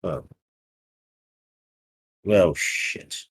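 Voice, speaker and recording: A man voicing a nervous, evasive male debtor who stammers and babbles in a tabletop game. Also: drawn-out words. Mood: flustered.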